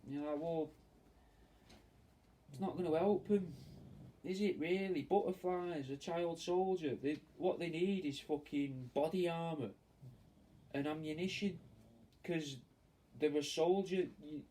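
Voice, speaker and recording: A man's voice: a little high, unhurried, long pauses, warm tone. A man chatting casually and meandering, swearing freely while he works on a taxidermy piece for fans. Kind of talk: casual rambling chat while working. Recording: distant mic with faint ambient noise.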